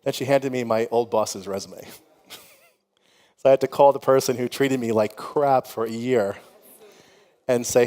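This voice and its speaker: A middle-aged founder speaking on a conference panel talks a little slowly and pauses often, his steady, mid-range voice a bit mellow. His stories are frank and chatty, sprinkled with "you know" and laughter, and the conference hall gives long reverb.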